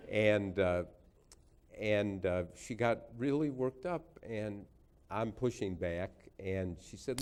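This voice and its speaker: A man's voice: on the low side, takes it slowly, a little mellow. Older man telling wry lecture anecdotes. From United States. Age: 60s. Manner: dry, wry humor, building anecdotes to punchlines. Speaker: guest lecturer. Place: lecture hall before an audience.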